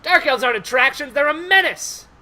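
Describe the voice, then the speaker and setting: A man's voice: very high-pitched, animated, brisk, pushed and bright, pitched above the performer's own voice, exaggerated voice. A man voicing a stubborn, prejudiced male dwarf mine boss in a tabletop game, blustering and indignant.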